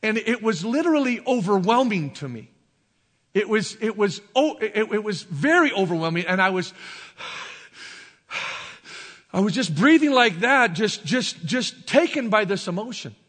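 A man preaching a sermon, telling a personal story in a halting, emotional way, stumbling over and repeating his words. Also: high voice, big pitch swings, a bit bright, husky, long reverb tail. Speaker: pastor. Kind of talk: sermon testimony.

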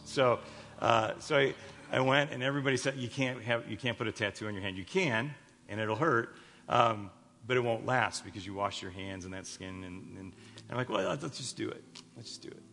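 पचास की उम्र का एक आदमी, शिकागो का पादरी, भारी खरखराती आवाज़ में रुक-रुककर किस्से सुनाता उपदेश, चर्च हॉल की गूँज के साथ।. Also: male voice, on the low side, a bit bright, a little hiss or hum. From Chicago, USA. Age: 50s. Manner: rambling, restarts often, jokes with the crowd. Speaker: pastor. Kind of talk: sermon storytelling. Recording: echoey hall reverb.

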